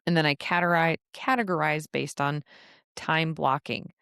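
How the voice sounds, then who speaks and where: A woman's voice: low-pitched, steady tone, normal speed, a bit bright, clean tone, no room sound, clean studio sound. A woman hosting a solo podcast, giving casual business advice in a chatty way with frequent laughs and playful asides. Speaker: podcast host and travel advisor.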